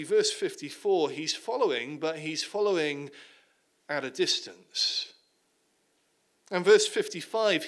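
In a high voice, a man delivers a sermon, dramatizing the passage as he retells it and sinking into a hush whenever the moment turns heavy.

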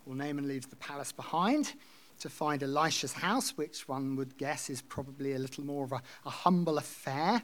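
A man's voice: a little high, animated, fairly quick, fairly bright tone. A man preaching a sermon, reading scripture aloud and explaining it in a conversational way. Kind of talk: expository sermon.

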